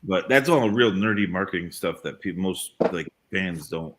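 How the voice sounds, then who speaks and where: Deep-voiced man chatting with energy. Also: background noise. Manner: animated, talks fast and says dude a lot. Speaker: co-host of a live stream. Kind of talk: casual live-stream chat.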